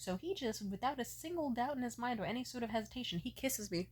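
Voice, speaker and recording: A young woman vlogger telling a casual, profane story with animated energy. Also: fairly high pitch, quick pace, slightly rough.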